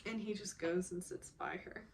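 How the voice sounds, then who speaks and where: A woman's voice: on the low side, fairly even intonation, normal speed, a little hiss or hum. A young woman casually recapping a drama episode, often giggling and acting out the characters' quotes. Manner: emotional, giggly, acts out quotes.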